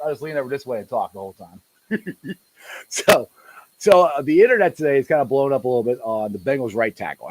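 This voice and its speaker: Loud, excitable man hosting a sports podcast. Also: mid-range voice, rough recording. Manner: loud and excitable, laughs often. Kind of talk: live sports podcast chat. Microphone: desktop mic set too close.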